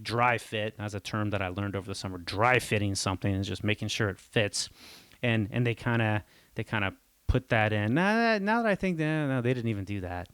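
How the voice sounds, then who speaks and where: A man's voice: mid-range voice, smooth, dry recording. Exasperated man telling a comic rant. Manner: animated, exasperated, acts out quoted people in raised voices. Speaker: show host. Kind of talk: comedic storytelling monologue.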